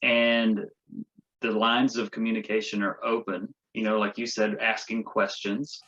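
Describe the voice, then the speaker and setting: A man hosting an interview asks his questions in a lowish, hesitant voice. He fills his pauses with ums and restarts. The audio sounds dull and lo-fi. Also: level tone, pushed and bright. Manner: hesitant, many fillers and restarts. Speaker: chiropractor host. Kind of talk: interview conversation.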